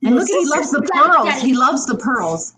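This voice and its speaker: Slow, high-voiced woman on a video call. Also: sing-song, a loud crowd. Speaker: caller joining the live stream. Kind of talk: casual chat on a video call. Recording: echoey room, faint noise.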